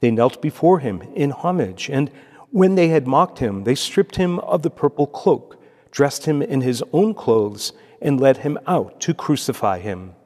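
A priest reads scripture aloud and preaches in a steady, solemn cadence. His mid-pitched voice rises and falls with a lot of expression. The sound rings out with the long reverb of a large church. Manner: measured, solemn liturgical delivery.

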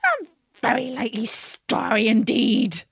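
A woman voicing a frantic, shrieking female pigeon in a storybook reading, shrill and scolding. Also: huge pitch swings, takes it slowly, fairly bright tone, dry recording, studio quality, heavily acted. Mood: contemptuous. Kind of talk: storybook read-aloud.

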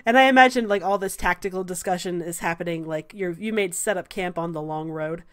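A woman's voice: fairly low pitch, fairly quick. Chatty woman running a tabletop game. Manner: laughing, loose and chatty with fillers. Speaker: game master.

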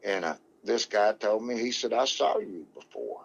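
A man's voice: on the low side, animated, moderate pace, slightly rough, muffled recording. A man telling a rambling, salty story in casual talk, drawling and full of cussing. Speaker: guest, dog man.

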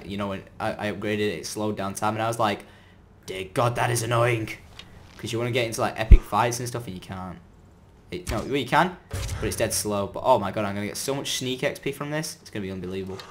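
A man giving chatty, excitable commentary as he plays a game, breaking into sudden loud outbursts. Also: on the low side, fast, slight background noise. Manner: chatty running self-talk while playing. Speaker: gaming video creator. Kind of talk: let's-play gameplay commentary.

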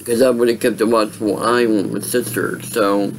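A man's voice: lowish voice, level tone, normal speed, noisy background. A tired man casually telling a personal story on his vlog, rambling with many fillers and restarts. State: tired, yawning. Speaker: vlogger.

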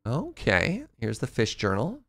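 A man streaming a video game live, with playful, excitable commentary. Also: mid-range voice, unhurried, vocal fry, slight background noise.

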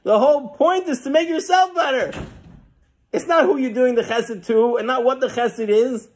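A man giving a sermon as a rabbi, telling stories and acting out the quoted lines. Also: moderate pace. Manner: storytelling with lively acted quotes and frequent rises in pitch.

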